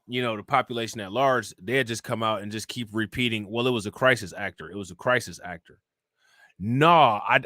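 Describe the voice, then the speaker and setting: The clip features a man with a mid-range, fairly bright voice, studio quality and free of echo. He hosts a crime live-stream, chatting loosely as he reads charges and reports aloud, reacts to them, and repeatedly asks the viewers, "you know what I'm saying?" The content is casual commentary on news and chat.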